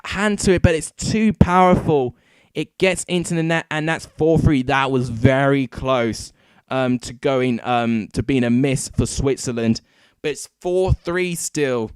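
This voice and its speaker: A man hosting a football watchalong, giving excitable live commentary into a desk microphone and breaking into shouts at big moments. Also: medium pitch, a little slow, clear, resonant tone, dry recording, clean studio sound. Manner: excitable, erupting into shouts at goals.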